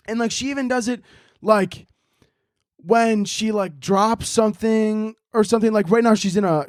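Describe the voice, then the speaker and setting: A young man hosting a casual solo podcast, telling animated stories with lots of swearing and jokes. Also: sits high, dry recording, studio quality. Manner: animated storytelling, swearing, joking. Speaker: podcast host.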